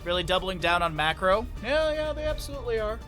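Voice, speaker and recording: A man's voice: sits high, sing-song, fast talker, pushed and bright, faint music behind. A man casting a live esports match on stream, chatty and rambling, often stopping to apologize. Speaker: esports caster. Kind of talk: live stream game commentary.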